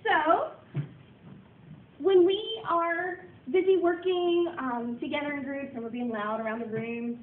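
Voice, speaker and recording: A woman's voice: sits high, steady tone, unhurried. A young woman teaching a class, practicing call-and-response routines in an upbeat, encouraging way. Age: young adult. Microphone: distant camera mic. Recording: distant, echoey, phone-like room recording.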